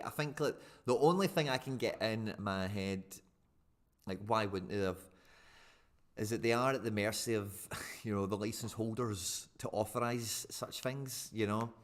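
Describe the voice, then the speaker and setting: Casting: male streamer, slightly low voice, chatty and excitable, loose live-stream delivery. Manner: chatty and excitable, rambling with many fillers. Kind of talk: casual live-stream chat, reacting to viewers.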